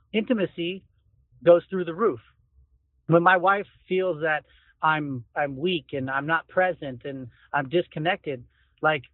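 High-voiced man talking from his car. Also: no room sound. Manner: energetic, emphatic, conversational with frequent "like". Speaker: podcast host. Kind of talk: solo motivational podcast. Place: parked car. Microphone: phone voice recorder. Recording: tinny phone recording.

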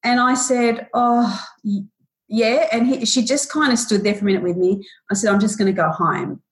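Woman in her 40s telling her story on a podcast, halting and emotional, lots of restarts. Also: fairly high pitch. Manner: acts out quoted lines in a raised voice. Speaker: guest. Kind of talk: personal story in a podcast interview.

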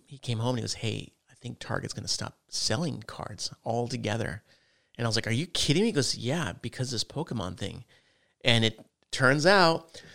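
Gravelly-voiced middle-aged man on a podcast. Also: medium pitch, fairly bright tone. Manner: rambling storyteller, acts out haggling with rising voice. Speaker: podcast co-host. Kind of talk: casual chat.

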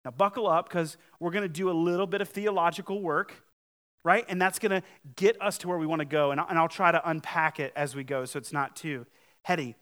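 A man preaching a sermon as pastor, talking to his congregation in a conversational, emphatic way, his loudness swinging widely. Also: a little high, a little fast.

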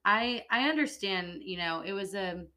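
A young woman co-hosts a relaxed podcast with a bright voice at a middle pitch. She is chatty and enthusiastic, often adding quick asides. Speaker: podcast co-host. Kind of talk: casual chat.

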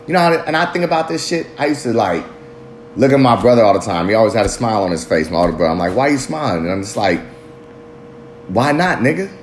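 A man's voice: on the low side, racing, a little hiss or hum. Profane laid-back man musing on a podcast. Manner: loose, profane, street slang, rambling reflective. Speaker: podcast host. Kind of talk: casual solo podcast monologue.

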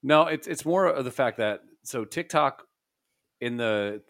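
A man's voice: medium pitch, animated, unhurried, vocal fry, fairly bright tone, slight background noise. A man co-hosting a podcast in casual, crude, joking chat that rambles. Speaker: podcast co-host.

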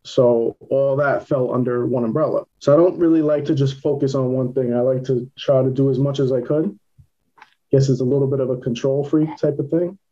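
Answering questions in a casual interview, a filmmaker from Queens, New York speaks plainly and matter-of-factly with a clear New York accent. His mellow, warm voice sits at medium pitch, with fairly even intonation and a slightly fast pace, though the recording sounds dull and lo-fi.

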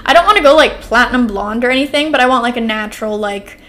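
A nineteen-year-old woman from Oregon on the US West Coast, about to turn twenty, hosts a casual solo podcast in a slightly high, fast voice with a sharp edge. She rambles chattily, upbeat and caffeinated, with plenty of "like" and "um."

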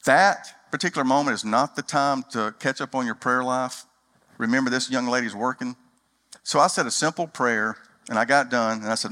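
Man, pastor preaching, folksy storyteller, bright tone, reverberant church hall. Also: mid-range voice, moderate pace. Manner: folksy storytelling, acts out dialogue. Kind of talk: sermon.

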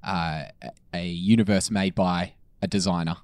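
Probing man with a low voice. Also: normal speed, no echo. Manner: probing, animated questions. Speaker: podcast host. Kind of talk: casual podcast interviewing.

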